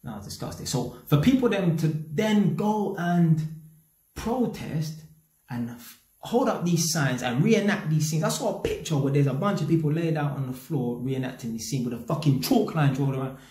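A man's voice: fairly high pitch, lively intonation, moderate pace, warm tone, reverberant. A man with a London accent giving a blunt, slang-heavy opinion rant straight to his audience, swearing freely. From England. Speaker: YouTube commentator.

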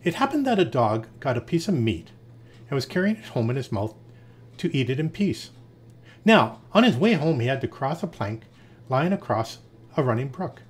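A man reading fables aloud in a lively storytelling manner. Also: mid-range voice, normal speed.

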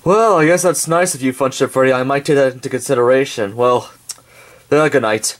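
A man's voice: medium pitch, a little fast, lightly acted. A man voicing a gloomy, grumpy dog who grumbles in an amateur toy drama. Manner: glum, grumbling.

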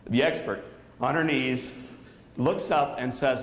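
A man's voice: mid-range voice, measured pace, pauses often. A man in his thirties giving an inspirational keynote speech at a school, telling a story dramatically and quizzing the audience. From Saint Louis area. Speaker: motivational speaker. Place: school auditorium. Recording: echoey hall.

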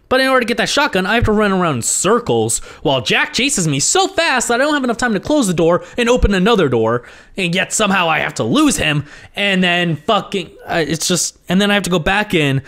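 A man giving let's play commentary as a gaming host, frustrated, swearing constantly and yelling at the game. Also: on the high side. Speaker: gaming YouTuber.

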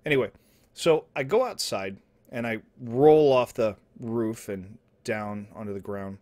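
Guy telling a dumb story totally straight, rambly, mumbles then gets loud, young dude. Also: unhurried. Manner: rambling, with restarts and asides, swinging from low mumbles to loud outbursts. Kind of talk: deadpan absurd comedy storytelling. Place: indoor home setup, streaming.

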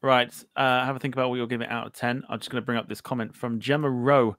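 A man's voice: medium pitch, level tone, fast, fairly bright tone, no echo. A man hosting a podcast, chatting casually and reading out viewer comments, joking and stumbling over words now and then. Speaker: podcast host.

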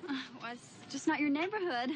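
A reserved uptight woman, short guarded answers, high voice, lively pitch. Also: fairly quick, a little hiss or hum. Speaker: New York woman sharing her apartment with a French friend. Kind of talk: 1990 film romantic comedy acting.

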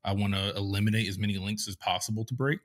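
Fast talking guy on a car podcast, lots of ums, fairly low voice. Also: steady tone. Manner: quick, agreeable, many ums. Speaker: podcast co-host. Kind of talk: casual advice chat.

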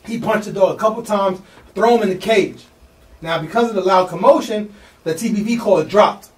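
A man, telling a wild story as a podcast guest, slangy and excited, acting out the people in it. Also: high-pitched, normal speed, roomy sound, distant mic. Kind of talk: animated storytelling.

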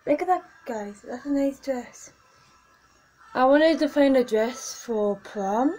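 A woman's voice: sits high, slow, a little mellow, slight background noise, poor audio. A teenage girl vlogging casually, chatty and gushing as she talks through photos on her phone. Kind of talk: casual vlog chat.

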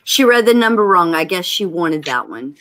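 A woman's voice: fairly low pitch, big pitch swings, moderate pace, fairly bright tone, a little hiss or hum. A woman helping out at a live sale, giving short, matter-of-fact prompts and passing on what viewers want. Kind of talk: casual asides.

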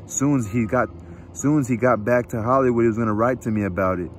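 A man voicing a lonely, restless young ranch wife in a read-aloud book, talking quickly and pleadingly. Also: mid-range voice, a little hiss or hum, lightly acted. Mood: confiding.

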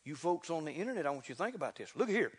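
A man preaching a sermon in a folksy, fervent way, building to loud exclamations. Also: fairly high pitch, sing-song, racing, slightly rough. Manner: folksy, repeats "look here". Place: church sanctuary. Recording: reverberant church hall.

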